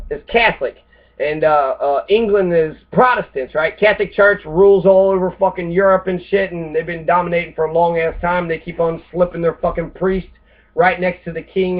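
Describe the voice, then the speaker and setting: Profane rambling American man, tinny sound. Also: sits high. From United States. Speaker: host. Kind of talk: casual rant monologue. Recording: tinny phone-like lo-fi audio.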